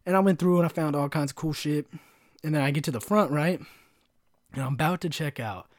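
A man's voice: a little high, a little fast, no echo, studio quality. A young man hosting a solo podcast, rambling through stories with frequent laughs and acting out the voices of people he quotes. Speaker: podcast host. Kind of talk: casual solo podcast storytelling.

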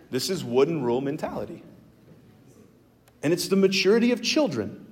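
A man preaching a sermon as a pastor, earnest and animated, with emphatic jumps in his voice. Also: mid-range voice. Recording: long hall reverb.

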